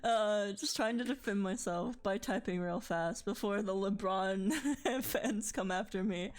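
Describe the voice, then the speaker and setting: Slow-talking playful woman streamer. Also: medium pitch. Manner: laughs often, swears freely, rambling and playful. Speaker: art streamer. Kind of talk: casual chat while drawing on stream.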